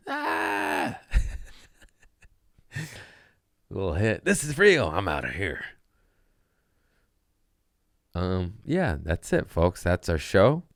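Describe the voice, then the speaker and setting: Man, comedy podcast host, low voice, profane, animated storyteller, dry close sound. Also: no room sound. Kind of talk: casual storytelling.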